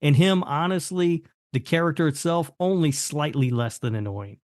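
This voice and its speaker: A man co-hosting a horror movie podcast, casual and blunt, flatly dismissive. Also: a little high, normal speed, dry recording, studio quality. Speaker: podcast co-host. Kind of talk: casual chat.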